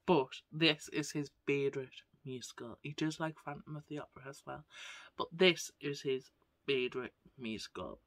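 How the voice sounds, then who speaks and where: A woman's voice: extremely low pitch, moderate pace, dry recording. A woman vlogger chatting casually to camera, gushing and often tagging her sentences with "right?". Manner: gushing, keeps asking "right?".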